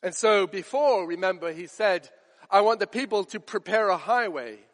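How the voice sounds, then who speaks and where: Male preacher, high voice, earnest and emphatic, long church reverb. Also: lively intonation, moderate pace, fairly bright tone. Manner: earnest, emphatic, repeats phrases for effect. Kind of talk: sermon.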